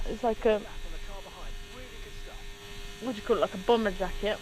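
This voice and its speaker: A young woman chatting casually on a live stream, rambling and animated, laughing often. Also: mid-range voice, brisk, long pauses, slight background noise, low-quality recording. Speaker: stream co-host. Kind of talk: casual chat.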